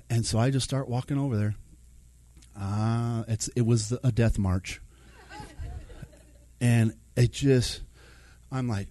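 A man telling a personal faith story, animated, acting out his own thoughts and the words of others. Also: mid-range voice, normal speed, long pauses, no echo. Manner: animated, acts out his own inner dialogue.

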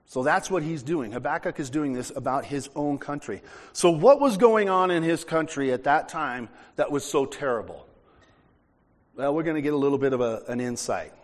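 A man's voice: a little high, lively intonation, moderate pace. A man from the United States preaching a sermon, reading scripture aloud and then explaining it in a conversational way. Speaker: pastor. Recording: long hall reverb.

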